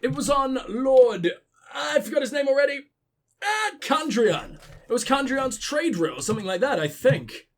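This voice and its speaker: A man's voice: very high-pitched, sing-song, moderate pace. A man hosting a let's play, rambling and sarcastic as he comments on the game and swears freely. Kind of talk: casual gaming commentary.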